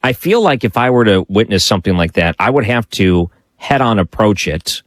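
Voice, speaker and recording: A man hosting a late-night call-in radio talk show, chatty and musing out loud as he takes calls. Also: on the low side, lively intonation, moderate pace, no echo.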